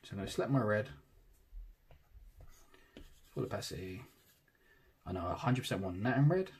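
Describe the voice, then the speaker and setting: A man, casually talking through a digital tattoo drawing in real time, thinking aloud and trailing off softly. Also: on the low side, very animated, normal speed, long pauses, breathy edge.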